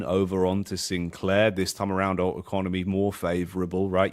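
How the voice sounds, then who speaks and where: A man co-casting an esports match in a casual, chatty way, posing and answering his own questions. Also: sits low. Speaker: esports caster. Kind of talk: esports draft analysis commentary.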